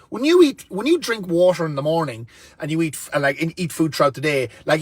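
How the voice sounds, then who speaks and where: A man's voice: high voice, no room sound. A man, ranting bluntly and profanely to camera from inside a van. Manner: blunt, sweary and rambling. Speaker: vlogger.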